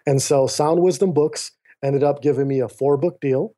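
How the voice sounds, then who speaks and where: He is a podcast guest speaking through a remote call mic, his voice a little high, his delivery brisk with hardly any pauses. Earnestly and with animation, he recounts a personal story and acts out what people said.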